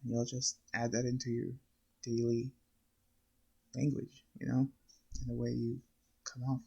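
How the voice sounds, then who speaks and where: A man with a deeply gravelly, husky voice talks in a flat, even tone. He reacts casually and thinks aloud, stopping often to hunt for words. His sound is dark and mellow. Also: a little slow, muffled recording. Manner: hesitant, thinking aloud with many fillers. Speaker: reaction video host.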